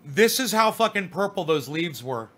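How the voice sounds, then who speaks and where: A vlogger rambles through a personal story in casual, profane talk, often repeating and restarting as he remembers. His high-sitting voice is bright and forceful, swinging widely in pitch at a normal speed.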